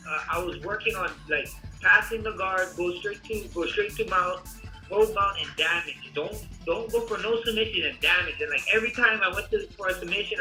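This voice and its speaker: A man's voice: sits high, poor audio. A man, a fighter, animatedly recounting a fight in a casual interview, full of fillers. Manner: animated storytelling, frequent fillers.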